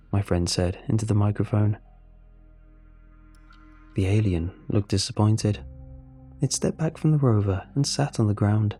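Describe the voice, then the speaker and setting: A man narrating a horror story in a measured, even storytelling voice. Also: lowish voice, breathy edge, faint music behind.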